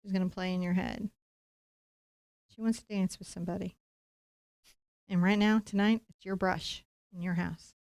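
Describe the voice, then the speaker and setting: A woman's voice: on the low side, fairly even intonation, normal speed, gravelly, pauses often, darkish tone, dry recording, studio quality. A woman leading a live-streamed painting lesson, talking playfully and encouragingly straight to her viewers. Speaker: painting instructor.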